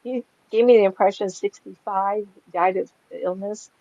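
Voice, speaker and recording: A woman's voice: mid-range voice, moderate pace, no echo. Chatty older woman telling stories. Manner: chatty and animated, laughs often while telling anecdotes. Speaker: psychic medium guest. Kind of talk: casual storytelling in an interview. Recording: dry, slightly dull lo-fi sound.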